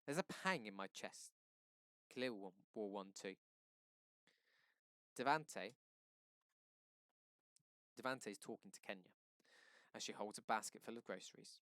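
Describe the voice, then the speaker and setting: Give me a male teacher reading a novel aloud for class, with a smooth, clear voice. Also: fairly low pitch, no echo. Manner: steady reading with quick self-corrections and asides.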